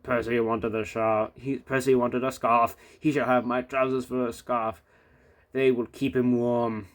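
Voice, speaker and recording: A man's voice: mid-range voice, level tone, measured pace, lightly acted. A man voicing a pompous, stout railway boss who scolds crossly in a storybook reading. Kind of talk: storybook read-aloud.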